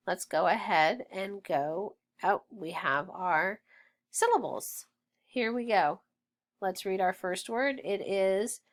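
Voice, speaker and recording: A woman leads a phonics drill at a very unhurried pace. She stretches each sound out and cheers the learner on. Her voice sits a little low. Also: a bit bright. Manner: patient, encouraging, stretches sounds out. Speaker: phonics teacher. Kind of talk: slow, clear phonics drill.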